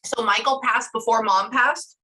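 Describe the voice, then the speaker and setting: A woman, working as a medium in a casual session, relaying messages in quick chatty bursts. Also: a little high, steady tone, pushed and bright, husky, low-quality recording. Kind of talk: casual reading session with clients.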